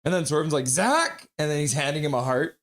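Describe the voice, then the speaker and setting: A man's voice: on the high side, fairly even intonation, fast talker. A middle-aged man hosting a hockey livestream, chatting casually and greeting viewers by name. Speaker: livestream host reading chat. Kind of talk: casual hockey pregame stream chat.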